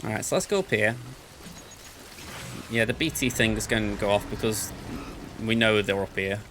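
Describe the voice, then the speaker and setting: A man's voice: on the low side, moderate pace, noisy background. A man hosting a let's play, giving chatty gameplay commentary and thinking aloud in a playful way. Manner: playful, self-described goofball.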